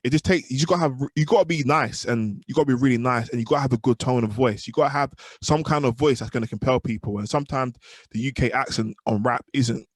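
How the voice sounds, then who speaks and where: A young man talks fast and loose, piling up "you know what I mean" as he answers interview questions. The sound is dry and close, with no room around it. His pitch sits in the middle, neither low nor high. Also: no echo. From United Kingdom. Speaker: rapper guest. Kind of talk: casual interview chat.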